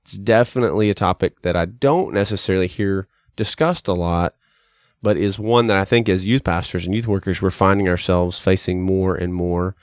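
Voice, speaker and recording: A man's voice: deep voice, steady tone, moderate pace, clean tone, no room sound, clean studio sound. A man with an American accent hosting a podcast interview, chatty and self-deprecating, with many fillers and restarts. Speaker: podcast host, youth pastor.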